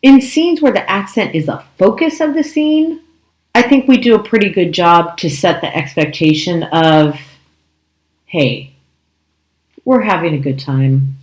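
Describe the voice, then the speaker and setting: A woman co-hosting an improv podcast, talking in a measured, thoughtful way and often checking in with "right?". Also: mid-range voice. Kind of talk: casual discussion. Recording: echoey room.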